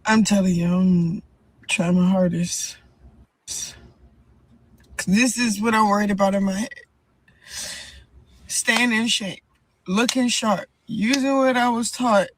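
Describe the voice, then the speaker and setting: Slow, earnest young woman in a car. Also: a little high, slight background noise, low-quality recording. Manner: rambling, earnest, repeats herself. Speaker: boxer before a fight. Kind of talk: personal vlog monologue. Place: inside a car.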